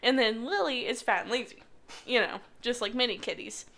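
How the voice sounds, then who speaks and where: A woman's voice: a little high, brisk, over a noisy crowd. A woman in her twenties hosting a podcast, telling stories in casual chat and giggling often. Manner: chatty storyteller, giggly. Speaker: podcast host.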